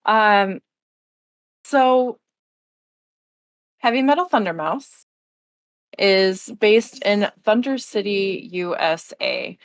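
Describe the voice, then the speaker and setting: A woman running a tabletop game as storyteller, slowly describing the setting with many pauses. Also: medium pitch, expressive, dry recording. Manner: unhurried, filler-heavy setting description. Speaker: game master.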